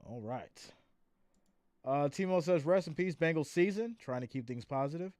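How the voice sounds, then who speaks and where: A man's voice: on the high side, lively intonation, normal speed, darkish tone, dry recording, clean studio sound. A tired man hosting a live stream, calling the plays and reading viewer comments aloud in a chatty, laughing way. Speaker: live stream host doing play-by-play. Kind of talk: casual live play-by-play and chat reading.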